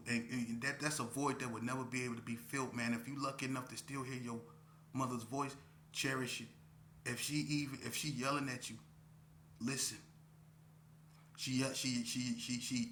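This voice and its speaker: A man giving a casual monologue, talking slowly and repeating himself like a preacher. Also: medium pitch, bright, forceful tone, roomy sound, a little hiss or hum. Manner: preachy street talk, repeats himself, drawn-out pauses. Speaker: vlogger.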